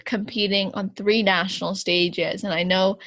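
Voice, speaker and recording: Calm woman asking interview questions. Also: medium pitch, normal speed, no echo. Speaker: podcast host.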